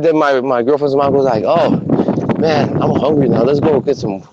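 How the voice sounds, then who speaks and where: A man on a podcast telling stories in casual chat, animated and swearing a lot. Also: medium pitch, moderate pace. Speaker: podcast co-host. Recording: muffled lo-fi recording with faint noise.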